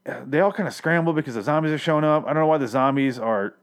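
A man's voice: on the high side, quick pace, clear, resonant tone. Profane, sarcastic man ranting casually. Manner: profane, sarcastic, rambling with self-corrections. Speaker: podcast host reviewing a TV episode. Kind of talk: casual recap monologue. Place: Los Angeles.

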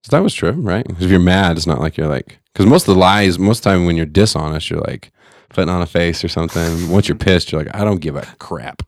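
Deep-voiced joking podcast host man. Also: quick pace, dry recording, studio quality. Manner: joking, teasing. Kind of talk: casual chat.

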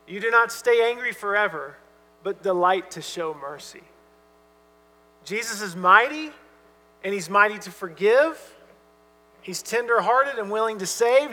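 Pastor, male, bright high voice, earnest emphatic sermon delivery, long hall reverb and mains hum. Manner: earnest, emphatic preaching with soft asides.

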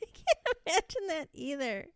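A woman's voice: sits high, moderate pace, dry recording, clean studio sound. Giggly woman podcast co-host. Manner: animated, giggly, hesitant at times. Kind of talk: casual wrestling recap chat.

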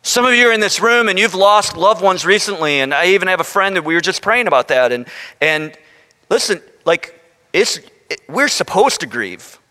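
A man preaches to his congregation in a high, bright voice. He's animated and throws in playful asides. The sound carries a long reverb from a large church hall. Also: normal speed. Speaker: pastor. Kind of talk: sermon.

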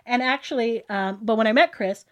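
A woman's voice: on the high side, fairly quick, fairly bright tone, highs cut off. A woman from the Toronto area telling a story as a guest, chatty and gushing, full of "like" and quoted dialogue. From Toronto area, Canada. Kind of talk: casual storytelling.

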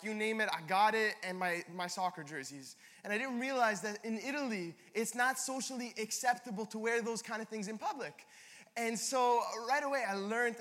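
A man's voice: high-pitched, a bit bright. A young man from Canada preaching a sermon as a pastor, telling stories in a chatty, self-deprecating way. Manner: conversational storytelling with self-deprecating asides. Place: large church hall. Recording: long hall reverb.

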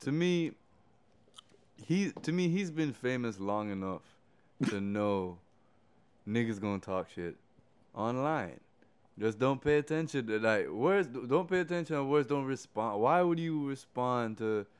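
A man's voice: mid-range voice, expressive, unhurried, smooth. A man co-hosting a casual podcast, talking in a laid-back way and often repeating himself.

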